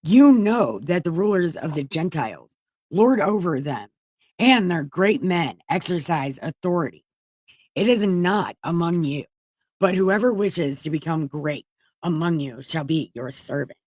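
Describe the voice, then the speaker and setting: A woman's voice: on the low side, expressive, a little slow, a little mellow, dry recording. A woman voicing a blunt, irreverent male Jesus who talks in casual modern slang and swears. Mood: lecturing. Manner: casual, profane, sarcastic.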